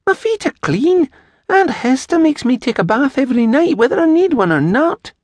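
Male reader doing a bold little girl, high and lively, dry booth sound. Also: normal speed, no echo. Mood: eager. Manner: chirpy, questioning. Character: spirited little Scottish girl, curious and bold.

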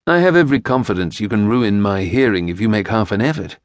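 A man voicing a stern, fussy gentleman who speaks in a dry, clipped, pompous way. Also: fairly low pitch, expressive, quick pace, no echo, lightly acted. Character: stern, fussy tall gentleman rider, sardonic.

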